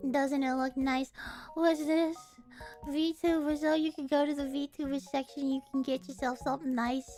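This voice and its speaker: A young adult woman streaming casually as a VTuber, profane and incredulous, laughing often. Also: sits high. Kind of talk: casual react stream chat.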